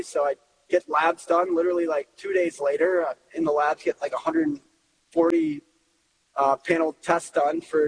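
A man's voice: a little high, gravelly. A man in his thirties, a coach, giving an earnest, emotional personal testimony. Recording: long reverb, faint hiss.

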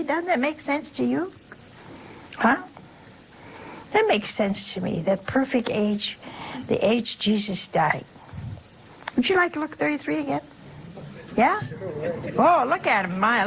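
A woman's voice: on the high side, poor audio. An older woman, a religious sister, giving a conversational sermon in a folksy way, full of rhetorical questions.

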